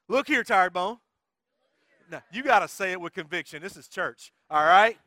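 Male pastor, high bright voice, dry close sound, energetic sermon, rallies the crowd. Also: normal speed, no room sound. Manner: energetic, playful, coaxes the congregation to join in. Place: church sanctuary.

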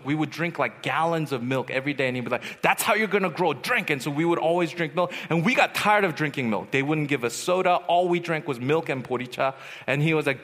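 A man giving a personal testimony as a retreat speaker, storytelling and swinging from hushed to loud. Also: fairly high pitch. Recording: long hall reverb.

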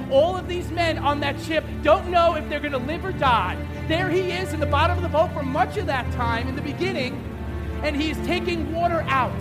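A man preaching a sermon as a pastor, telling a story with emphatic repetition and swinging between loud and hushed delivery. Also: very high-pitched.

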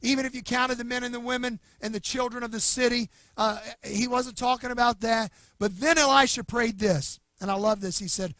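A man pastor preaching a sermon with emphasis, swinging between loud bursts and hushed, slow lines. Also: very high voice, fairly even intonation, dry recording.

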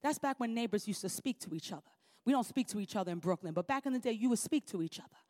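A woman's voice: medium pitch, lively intonation, quick pace, darkish tone. A woman preacher delivering a sermon in an emphatic, repetitive preaching cadence.

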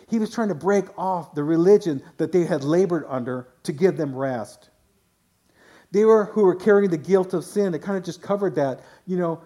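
A man's voice: a little high, dark tone. A man pastor preaching a sermon in a conversational way, often restarting phrases and voicing quotes.

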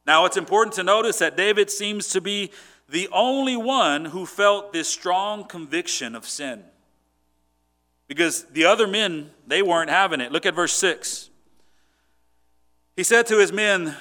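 Bright-voiced, earnest male preacher. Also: sits high, animated, unhurried. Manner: earnest, conversational, frequent restarts. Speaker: pastor. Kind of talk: sermon.

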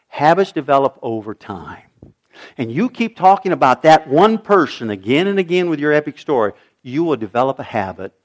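A middle-aged man preaching a sermon in an animated way, his voice rising high and dropping low for emphasis. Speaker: pastor.

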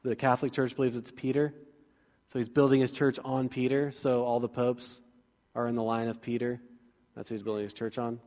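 Man preaching in a reverberant church. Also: mid-range voice. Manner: casual, joking, energetic preaching. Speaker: pastor. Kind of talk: sermon. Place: church sanctuary.

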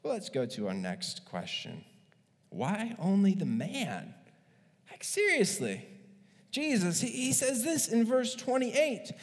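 A male pastor preaching a sermon in an animated, joking way, acting out stories as he goes. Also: high voice, slow, big-room sound.

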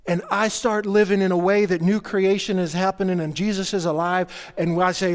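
A man preaching a sermon, joking with the congregation and building to excited energy. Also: high voice, normal speed, few pauses, big-room sound. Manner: playful, jokey asides to the congregation. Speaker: pastor.

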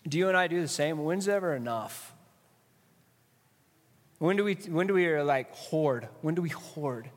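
A man's voice: on the high side, expressive, normal speed, pauses often, big-room sound. A man preaching a sermon, emphatic and asking the audience rhetorical questions.

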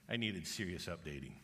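A man's voice: deep voice, vocal fry, sharp tone. A middle-aged man giving a sermon as a pastor, telling stories earnestly and acting out the people in them. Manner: storytelling with quoted voices, earnest. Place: church auditorium. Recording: long reverb of a large hall.

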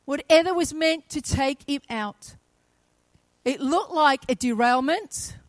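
A woman's voice: high voice, slow pace, no room sound, poor audio. A woman preaching a sermon, telling the story dramatically and acting out the voices in it.

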